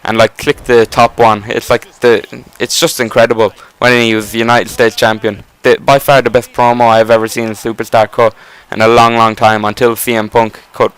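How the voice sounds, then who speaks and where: A man talks over gameplay in a loose, rambling way, full of restarts, fillers and the odd curse. His voice is smooth and clear and sits at an ordinary middle pitch. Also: flat delivery, normal speed, few pauses, a bit bright, rough recording. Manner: enthusiastic, rambling, casual swearing. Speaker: gameplay commentator. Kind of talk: casual rambling commentary.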